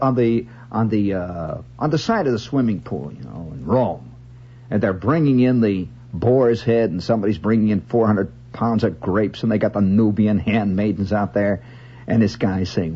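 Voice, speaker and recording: A man's voice: lowish voice, very animated, normal speed, slight background noise. A man hosting a radio monologue, reciting verse wryly and rambling into stories with comic asides. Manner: rambling storyteller who slips into comic voices. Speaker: radio host. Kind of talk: late-night radio monologue. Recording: lo-fi 1970s radio broadcast with guitar behind.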